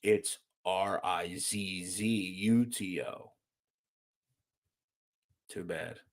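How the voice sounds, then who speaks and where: A man's voice: low voice, fairly even intonation, extremely slow. A man hosting a casual livestream, reading viewer comments aloud and joking around. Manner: loose, joking, swings from loud to mumbled asides. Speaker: host.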